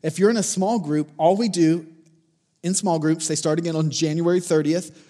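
A man's voice: a little high, steady tone, normal speed, mellow. A man in his forties preaching a sermon as a pastor, conversational and encouraging, repeating his challenges to the congregation. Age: 40s.

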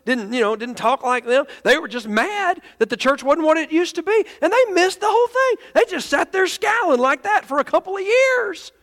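A pastor telling a funny story in an animated sermon, stumbling and laughing as he goes. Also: very high voice, moderate pace, few pauses. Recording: long hall reverb.

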